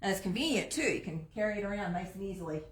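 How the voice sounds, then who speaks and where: Fast and lively in intonation, a woman with a mid-range voice runs a live online sales pitch from an antique shop. She chats about each item and its price, and the space sounds echoey.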